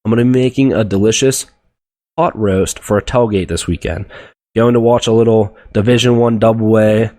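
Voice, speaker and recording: A man's voice: fairly low pitch, steady tone, normal speed, a little mellow. A young man hosting a solo sports podcast, ranting bluntly and profanely about teams, players and the media. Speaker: podcast host.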